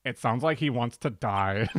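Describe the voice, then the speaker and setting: Joking, slangy male streamer. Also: mid-range voice. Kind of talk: casual game commentary.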